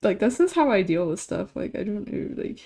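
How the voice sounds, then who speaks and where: A woman's voice: mid-range voice, very animated, brisk, mellow. A young adult woman streamer chatting casually while she draws, telling a rambling story and laughing often.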